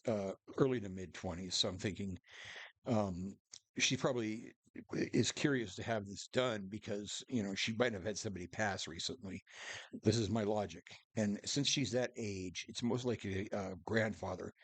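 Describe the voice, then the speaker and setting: A man's voice: lowish voice, moderate pace, husky, no echo. A man telling a true story in a casual, rambling way, restarting sentences and acting out what people said. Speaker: storyteller vlogger.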